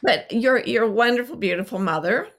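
Gravelly-voiced woman chatting playfully. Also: a little high, animated, moderate pace, a bit bright. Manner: rambling, playful, self-mocking. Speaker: podcast co-host. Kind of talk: casual chat.

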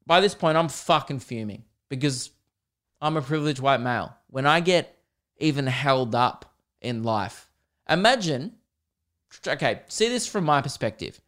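A man's voice: medium pitch, a bit bright. A young man hosting a solo podcast, ranting with lots of swearing and bursts of laughter. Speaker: podcast host.

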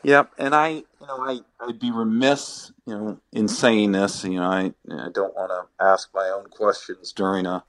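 A middle-aged former ballplayer, now a sports agent, answering podcast questions in a halting, reflective way with many restarts. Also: male voice, lowish voice, steady tone, a bit bright.

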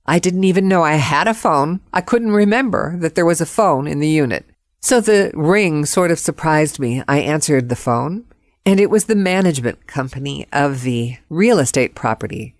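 A woman with a lowish voice tells a personal story, vivid and expressive. The sound is dry and close, with no room echo at all. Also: moderate pace. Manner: vivid, expressive, acts out quotes.

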